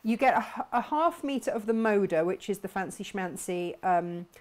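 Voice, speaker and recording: A woman's voice: medium pitch, expressive, normal speed. Bubbly chatty woman host. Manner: bubbly, chatty, laughs often. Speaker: host of a craft shop live stream. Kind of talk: chatty live stream, reading out viewer comments.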